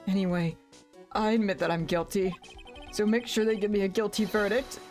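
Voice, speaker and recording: A woman voicing a nervous young man who talks haltingly and stammers. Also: mid-range voice, steady tone, a little mellow, soft background music, close to an everyday voice.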